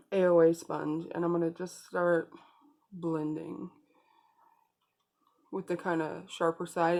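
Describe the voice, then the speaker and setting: A woman's voice: on the low side, gravelly, a little mellow. A woman beauty vlogger talking viewers through a makeup tutorial in a casual, chatty way, speaking straight to them.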